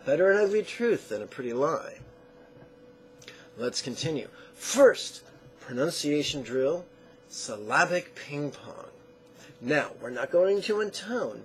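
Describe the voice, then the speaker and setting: A man teaching an online lesson, guiding the listener through call-and-response chanting in a slow, deliberate coaching manner. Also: mid-range voice. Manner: chants syllables slowly and drawn out. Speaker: mantra teacher.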